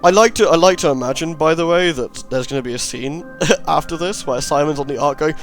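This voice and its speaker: A man's voice: a little high, fairly quick, few pauses, soft background music. A man hosting a let's play, rambling and sarcastic as he comments on the game. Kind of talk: gameplay commentary.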